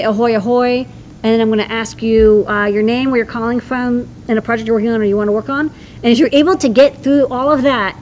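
A woman's voice: fairly high pitch, a little mellow, a little hiss or hum, poor audio. Bubbly, playful woman co-hosting a stream. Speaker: co-host. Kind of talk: casual live-stream chat.

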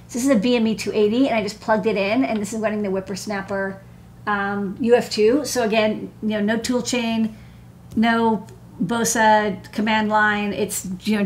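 A woman's voice: medium pitch, slight background noise. A woman hosting a casual electronics show from her desk, chatty and rambling, a little phlegmy and stuffy. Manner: chatty, quick asides, many "like" and "um". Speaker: show host and electronics engineer. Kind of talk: casual chat and tech demo. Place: home desk indoors at night.

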